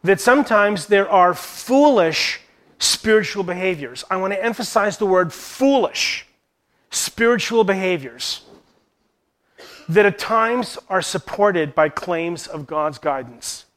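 Male Christian teacher, high-pitched voice, earnest and questioning delivery to church leaders. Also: animated, takes it slowly, fairly bright tone. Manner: earnest, poses rhetorical questions.

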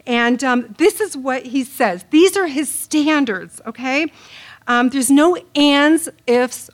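Woman, middle-aged, high voice, animated sermon storyteller who acts out the quotes. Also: slow pace. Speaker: Bible teacher.

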